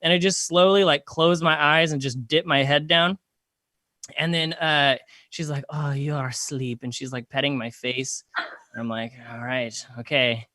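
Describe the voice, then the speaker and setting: Young guy, bright voice, dry close sound, rambling comic storyteller. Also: fairly high pitch, normal speed, no room sound. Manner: rambling, self-deprecating, lots of fillers. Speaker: comedian telling a story. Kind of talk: casual storytelling.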